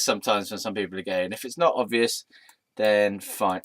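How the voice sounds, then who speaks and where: A man's voice: on the low side, steady tone, a little fast, fairly bright tone, dry recording. A man telling a casual storytime monologue in a rambling, playful, self-amused way. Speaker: vlogger.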